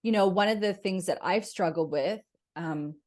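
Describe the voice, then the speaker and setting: A woman's voice: fairly low pitch, moderate pace, darkish tone. A woman hosting a podcast, chatting reflectively and asking her guest questions, with plenty of fillers. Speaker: podcast host. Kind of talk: conversational interview.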